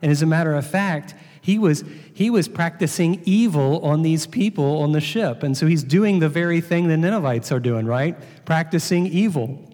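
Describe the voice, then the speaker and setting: A man's voice: fairly high pitch, moderate pace, few pauses, darkish tone. Preacher man in an echoing hall. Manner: reads scripture aloud, then explains with rhetorical questions. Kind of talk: sermon. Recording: long hall reverb.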